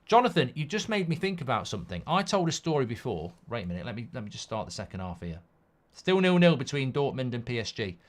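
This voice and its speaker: A man with a medium-pitched voice talks fast while hosting a live football watchalong. He reads viewer comments aloud, rambles animatedly, swears freely and riffs on silly hypotheticals.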